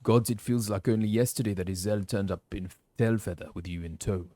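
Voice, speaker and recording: An actor playing an older male frontier villager, reading game dialogue aloud in a warm, unhurried storytelling manner with pauses. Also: fairly low pitch, fairly even intonation, no room sound, natural voice. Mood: wistful.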